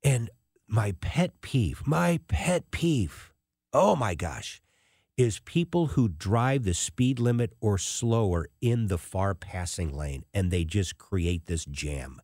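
A man in his sixties hosting a radio talk show, telling a rambling, animated story with many restarts. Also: low voice, slow, dry recording, clean studio sound. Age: 60s. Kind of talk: casual talk radio monologue.

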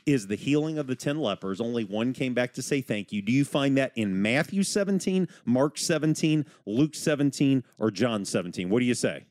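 A man's voice: mid-range voice, expressive, moderate pace, hardly any pauses, darkish tone, dry recording, clean studio sound. A man hosting a casual trivia quiz on a talk show, playful and teasing, drawing out each question. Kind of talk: casual radio chat quiz.

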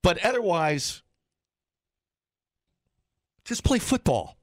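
A man's voice: high voice, very animated, no room sound, clean studio sound. A man co-hosting a morning radio show, rambling and joking in casual banter. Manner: rambling, halting, jokey. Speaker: radio co-host.

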